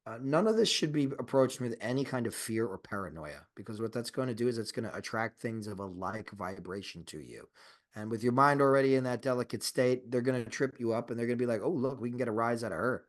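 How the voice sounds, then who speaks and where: A man's voice: mid-range voice, fast. A man co-hosting a podcast in casual chat, rambling with restarts and swearing, and turning emphatic and insistent when he argues a point. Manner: rambling, profane, with frequent restarts and fillers. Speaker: podcast co-host.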